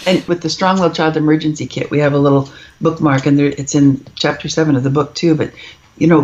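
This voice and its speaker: A woman's voice: low-pitched, a little mellow, highs cut off. A middle-aged woman, a parenting author, speaking emphatically as a podcast guest and acting out quoted voices in her stories. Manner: emphatic, storytelling, acts out quoted kids and parents. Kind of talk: podcast interview.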